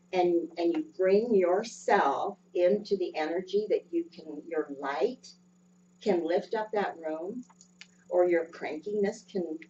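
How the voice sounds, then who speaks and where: A woman giving a sermon in a gentle, unhurried way, pausing often with ums. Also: on the low side. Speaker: lay speaker. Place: church sanctuary. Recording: dull distant sound with faint hum.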